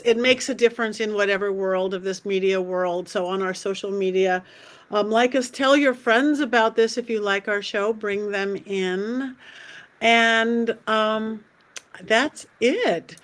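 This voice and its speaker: Casting: a woman host with a slightly high voice, chatty and rambling, talking over a video call. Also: fairly bright tone. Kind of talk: casual livestream chat.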